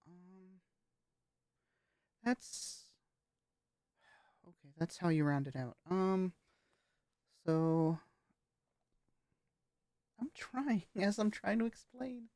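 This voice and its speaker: A woman chats about her voice practice in a casual vlog, pausing often and tossing in curse words. Her voice sits low and the pace is very slow. The room sounds dead dry. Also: warm tone, dry recording. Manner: hesitant and halting, with frequent swearing. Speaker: vlogger practicing voice training.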